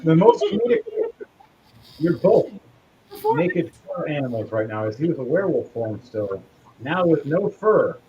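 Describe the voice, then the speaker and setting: A man narrates a tabletop game as game master with animated, lively delivery. His voice sits fairly high. The recording is a little dull, with faint background noise. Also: a little slow, pauses often. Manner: animated, laughing storyteller.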